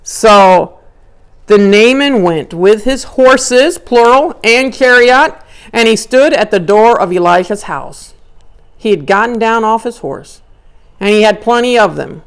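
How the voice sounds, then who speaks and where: A woman giving a conversational Bible lecture, animated and acting out characters' inner dialogue. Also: on the high side, a little slow. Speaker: Bible teacher.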